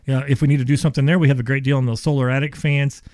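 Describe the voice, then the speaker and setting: A man, an HVAC business owner making an enthusiastic radio sales pitch full of restarts. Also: level tone, very fast, a little mellow, no room sound, clean studio sound.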